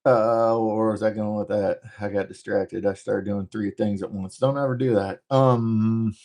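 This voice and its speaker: A man from the northern United States hosting a casual livestream, talking fast and rambling through jokes while he reads out viewer comments. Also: fairly low pitch, fairly even intonation, darkish tone. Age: adult, former military. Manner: rambling, joking, talks fast. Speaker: livestream host.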